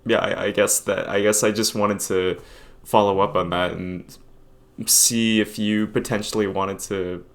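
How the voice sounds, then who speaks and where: Young male vlogger, low voice, halting and self-deprecating, casual confessional delivery. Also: fairly even intonation. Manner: hesitant, rambling, self-deprecating.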